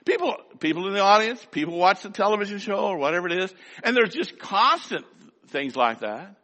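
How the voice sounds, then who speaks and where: A man's voice: high-pitched, very animated, brisk, bright, forceful tone, long reverb tail. An older man preaching a sermon in a folksy, rhythmic way, with lots of repetition. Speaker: pastor.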